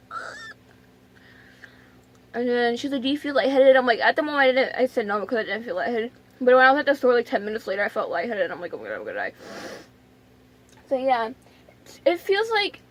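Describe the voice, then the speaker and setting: Chatty high-voiced young woman vlogger. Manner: chatty, dramatic, lots of "like" and "oh my God". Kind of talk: casual vlog storytelling.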